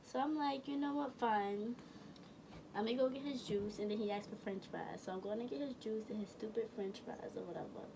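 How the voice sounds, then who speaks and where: A young woman spins a casual, slangy story, doubling back to correct herself as she goes. Her voice sits a little high, and it is picked up from a bit away from the mic, with a faint hum of room noise behind. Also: fairly quick, creaky, distant mic. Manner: rambling, self-correcting, slangy. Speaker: vlogger.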